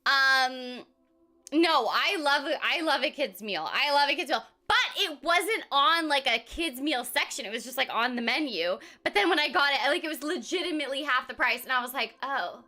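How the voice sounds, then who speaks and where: A bubbly woman game streamer chats with her viewers in a very bright, high voice. Her pitch bounces all over the place, and she rambles and restarts between giggles and scatted filler sounds. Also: animated, normal speed. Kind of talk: casual live-stream chat with viewers.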